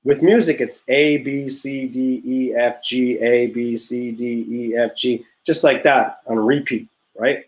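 A young man teaching a music class, leading vocal warm-ups in an upbeat, encouraging way and explaining step by step. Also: medium pitch, fairly even intonation, a little slow, hardly any pauses. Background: guitar notes played under the talk.

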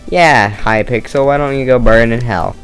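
A man's voice: medium pitch, moderate pace, fairly bright tone, smooth, soft background music. A man doing casual let's-play commentary on a murder mystery game, tired from no caffeine, rambling, joking at himself and swearing.

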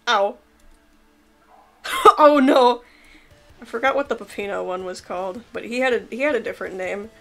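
A woman casually commentating a game she is playing, excitable and jokey, laughing often and yelping when things go wrong. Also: medium pitch, brisk, creaky, faint music behind. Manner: excitable, laughing, swearing, yelps in panic. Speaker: gameplay commentator. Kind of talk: casual let's-play commentary.

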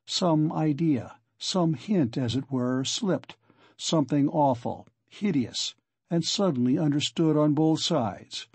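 A man reading a classic novel aloud as an audiobook narrator, in a measured, even way. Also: on the high side, husky, dry recording. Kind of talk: scripted narration.

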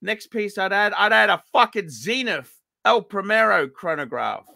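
A middle-aged man reviews a watch collection in a blunt, swearing rant. His voice sits high and gravelly, with a sharp, forceful edge. The sound is dry and close. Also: lively intonation, normal speed, dry recording. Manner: blunt, profane, ranting advice. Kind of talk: unscripted paid review monologue.

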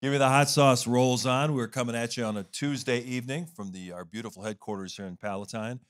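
Steady co-host man with mid voice. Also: medium pitch, brisk. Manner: steady, upbeat announcer-like segues. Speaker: podcast co-host. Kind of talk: casual chat and ad reads.

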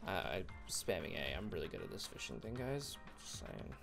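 A man's voice: sits low, very animated, moderate pace, creaky, over music. Man rambling through a game, sarcastic. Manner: rambling, sarcastic, talks to viewers. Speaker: gaming YouTuber. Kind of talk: let's play commentary.

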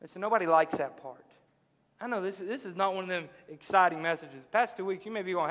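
High-voiced impassioned male pastor preaching. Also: fast. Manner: impassioned, swings from loud to hushed. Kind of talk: sermon. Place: church hall. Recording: echoey church hall, faint music.

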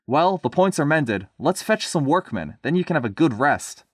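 A man voicing a gruff but friendly male train driver who speaks matter-of-factly. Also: fairly high pitch, sing-song, normal speed, no room sound.

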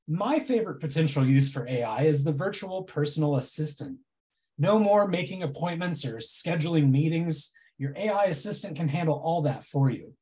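Presenter, mock-enthusiastic and dryly sarcastic, warm low-key tone. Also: animated, moderate pace. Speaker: presenter at a club meeting. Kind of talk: prepared comic speech.

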